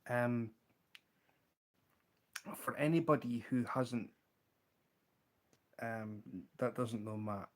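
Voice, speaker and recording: A man's voice: mid-range voice, extremely slow, long pauses. Chatty Scottish man telling a funny story. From Scotland. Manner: animated storyteller, acts out quotes, laughs often. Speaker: livestream host showing fly-tying materials. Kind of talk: casual livestream chat and anecdote.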